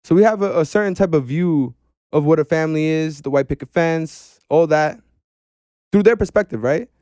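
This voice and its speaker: An animated man chatting as a podcast guest, dropping "bro" and slang constantly. His voice sits a little high and sounds smooth and clear. The room is dead, with no echo. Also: normal speed, clean studio sound. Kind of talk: casual podcast chat.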